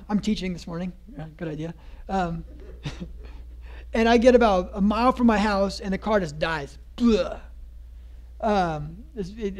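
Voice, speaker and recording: A man's voice: sits high, a little mellow. A man preaching a casual sermon at a men's conference, chatty and joking, often asking "right?" as he talks. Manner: conversational, keeps asking "right?", laughs at his own jokes.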